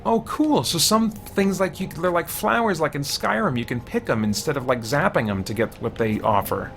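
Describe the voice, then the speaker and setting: A man's voice: on the high side, moderate pace, creaky, faint music behind. A man commentating on his own gameplay, talking to himself, easily startled and often exclaiming. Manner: jumpy, excitable, easily startled. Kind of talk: let's play commentary.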